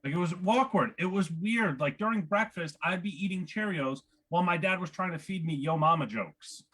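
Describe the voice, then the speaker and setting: A man's voice: high voice, a little fast, fairly bright tone, husky. Brash, profane male stand-up comic. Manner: brash, profane, punchy delivery. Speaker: stand-up comedian. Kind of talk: stand-up set at an open mic. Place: small comedy club with live audience.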